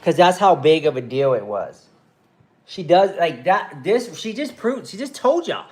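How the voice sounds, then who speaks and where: A man pauses a video to argue with it in casual reaction commentary, addressing his viewers directly. His voice sits a little high for a man. He talks in quick, plain bursts. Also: big pitch swings.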